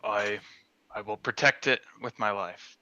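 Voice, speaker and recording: Slow, bright-voiced man, halting speech. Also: lowish voice, highs cut off. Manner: halting, hesitant, with many fillers. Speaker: player. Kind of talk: in-character role-play.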